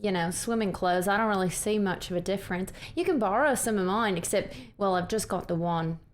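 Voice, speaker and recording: Picture a proper, earnest woman investigator, played by a woman, speaking in a shaky put-on Australian accent that keeps slipping toward Liverpool. Her pitch sits mid-range, and she talks in polite, careful in-character turns from a tabletop horror game. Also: fairly quick, natural voice. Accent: put-on Australian, drifting toward Liverpool. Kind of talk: tabletop role-play in character.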